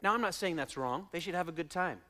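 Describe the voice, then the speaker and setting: A man preaching a sermon as pastor, dramatic, acting out quotes and swinging from loud shouting to hushed asides. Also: on the high side, expressive, fast.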